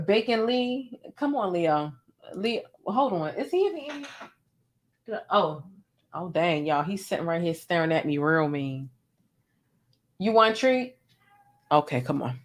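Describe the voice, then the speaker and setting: A woman's voice: lowish voice, a little slow, pauses often. Chatty woman talking straight to her viewers. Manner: chatty, animated, addresses viewers directly. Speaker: vlog host. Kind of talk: casual chat.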